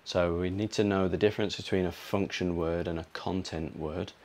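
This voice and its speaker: A British man teaching a pronunciation lesson, explaining slowly and repeating words to model them. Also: deep voice, fairly even intonation, darkish tone. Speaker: English teacher.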